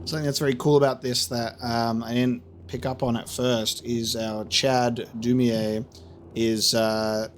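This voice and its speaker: A man's voice: medium pitch, level tone, measured pace, slight background noise. A man giving casual, jokey, rambling commentary while playing a game. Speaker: let's play host.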